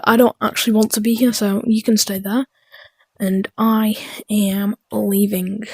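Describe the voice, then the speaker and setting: Husky-voiced woman muttering through a game. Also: mid-range voice, dry recording, clean studio sound. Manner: chaotic, muttering, dark-humored asides; drops into whispers. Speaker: gaming YouTuber. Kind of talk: let's-play commentary.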